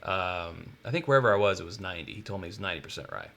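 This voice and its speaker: A man's voice: deep voice, lively intonation, racing, creaky, sharp tone. A man co-hosting a live whiskey show, rambling and joking, with lots of restarts and filler words. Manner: rambling, full of restarts and uh's, jokey. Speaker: co-host of a bourbon show. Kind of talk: casual live-stream chat.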